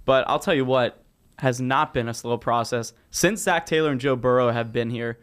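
A man hosts a laid-back sports podcast, teasing his friends with animated, mock-defensive banter. He keeps the talk moving. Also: medium pitch, moderate pace, clear, resonant tone. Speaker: podcast host. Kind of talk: casual sports chat.

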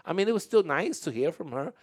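A man's voice: a little high, big pitch swings, fast, husky. A man hosting a casual interview with young dancers, talking in a chatty, storytelling way with frequent laughs and restarts.

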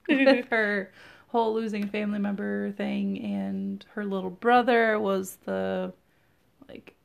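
Gravelly-voiced woman chatting hesitantly. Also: mid-range voice, steady tone, slow. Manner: hesitant, trailing off, many ums. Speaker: podcast co-host. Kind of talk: casual chat.

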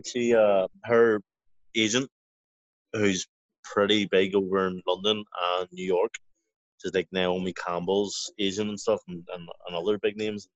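A professional boxer, a guest in a casual storytelling interview, rambles through his tales with lots of swearing and restarts. His voice is on the low side. The audio is dry, dull and lo-fi, with no room sound.

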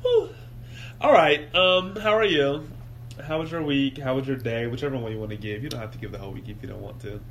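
A man's voice: lively intonation, a little fast, a bit bright, a little hiss or hum. A man co-hosting a podcast in casual, joking chat. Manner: playful, shifts into joking high and low voices. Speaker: podcast co-host.

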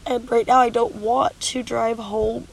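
Exhausted and sleep-deprived, a woman films a candid confessional vlog outdoors at the beach, tearful and stuffy-nosed, rambling wearily and swearing bluntly. Her voice is on the high side, gravelly and husky, unhurried with little pitch movement. The recording quality is low.

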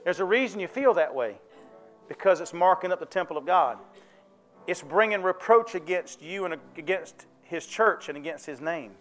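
A pastor with a high, bright-sitting voice delivers a folksy, conversational sermon in church. He keeps asking the congregation if they follow him. A faint instrument plays softly underneath. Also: expressive, moderate pace, faint music behind. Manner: folksy, conversational preaching with call-and-response questions.

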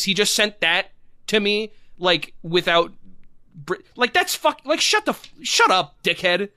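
A man's voice: high-pitched, very animated, moderate pace, pushed and bright, no echo, clean studio sound. A man hosting a podcast in casual chat, rambling and cursing in frustration. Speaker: podcast host.

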